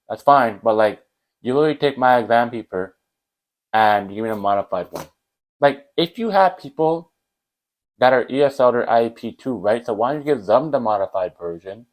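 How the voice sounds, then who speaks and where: A young man, rambling and animated as he tells a casual storytime about school. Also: lowish voice, rough recording. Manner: animated, rambling, with fillers like whatever and blah blah. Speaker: vlogger.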